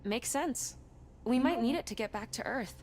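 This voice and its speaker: A woman's voice: on the high side, expressive, normal speed, slight background noise, lightly acted. A woman voicing a sceptical young reporter. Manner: skeptical, practical. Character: plucky young woman journalist with camera. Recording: game dialogue over loud music.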